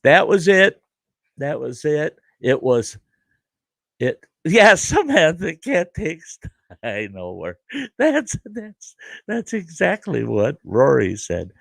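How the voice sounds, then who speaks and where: Older guy telling a story, gravelly voice, pitch jumping all over, dry close mic. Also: slow, no room sound. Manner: animated, chuckling, dry gravelly delivery. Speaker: host. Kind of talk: casual storytelling.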